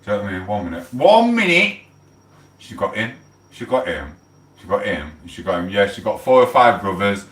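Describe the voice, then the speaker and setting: Bloke in his 40s ranting on a live stream, swears a lot, real low voice, echoey room far from the mic. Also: fast, a bit bright. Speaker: livestream host. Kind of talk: casual livestream chat.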